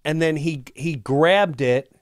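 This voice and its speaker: A male comedian telling a story in an animated, profane way, acting out the other people's voices. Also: on the high side, slow, no echo, clean studio sound. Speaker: comedian guest.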